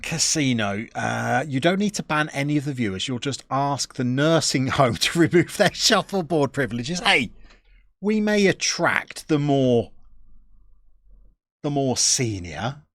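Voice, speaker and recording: A man with a medium-pitched, slightly bright voice and lively intonation streams Football Manager, chatting casually and unhurriedly. He reads viewer messages in a self-deprecating way, and there's no echo.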